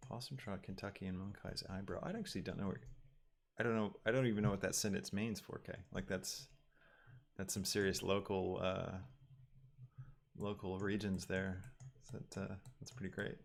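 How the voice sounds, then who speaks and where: A man livestreaming his 3D work, casually thinking aloud and pausing with ums as he goes. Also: low voice, flat delivery, gravelly. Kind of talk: casual livestream talk while working.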